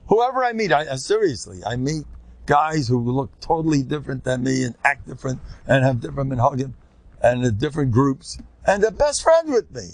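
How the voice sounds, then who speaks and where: Older man, rabbi, informal lecture; gravelly, very lively pitch, sudden loud outbursts. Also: fairly quick, no room sound. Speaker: rabbi giving a Torah lecture.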